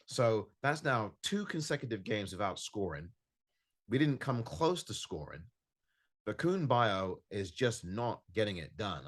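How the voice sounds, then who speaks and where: A man with a low voice hosts his own football podcast from home. He sounds frustrated and emphatic, hammering points by repeating them. His pitch rises and falls widely as he talks. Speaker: podcast host. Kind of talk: solo podcast match review. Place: home recording in California.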